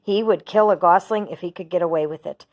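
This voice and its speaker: A teacher reading a children's book aloud, steady and expressive. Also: female voice, lowish voice, a little fast.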